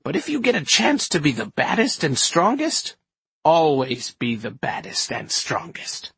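A man's voice: on the high side, wildly swooping pitch, a little slow, gravelly, a bit bright, slightly rough, no echo, pitched above the performer's own voice, heavily acted. A man voicing a feisty, blunt old woman witch in an audiobook, scornful and bossy. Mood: gruff, scornful.

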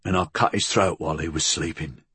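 A man voicing a big, brooding working-class tavern keeper who talks in a rough dialect. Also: very deep voice, steady tone, brisk, bright, forceful tone, no echo, pitched below the performer's own voice, exaggerated voice. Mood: grim.

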